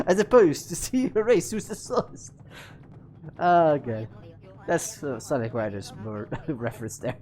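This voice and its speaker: Low-voiced joking woman streamer. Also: lively intonation, slow, long pauses, dark tone. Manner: joking, self-deprecating. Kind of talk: casual gameplay commentary.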